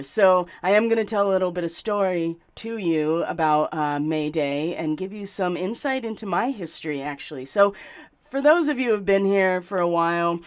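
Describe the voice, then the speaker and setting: A woman hosting her spiritual astrology channel, talking casually and earnestly, explaining at length with fillers. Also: lowish voice. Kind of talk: casual spoken monologue.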